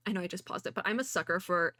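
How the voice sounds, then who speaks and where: A woman giving casual, excitable reaction commentary as a VTuber, chatty and gushing. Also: fairly low pitch, racing. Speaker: VTuber reacting to an animated short. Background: faint music from the video.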